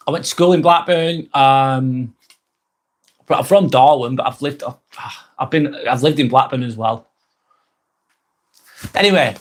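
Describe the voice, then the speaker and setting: A middle-aged Englishman with a Lancashire accent and a medium-pitched voice hosts a relaxed live stream. He reads out viewer comments in a friendly, repetitive way, often letting his sentences trail off.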